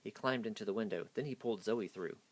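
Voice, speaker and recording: Low-voiced man reading a kids' book. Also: fast talker. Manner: hasty reading. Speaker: storyteller. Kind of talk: reading a children's picture book aloud.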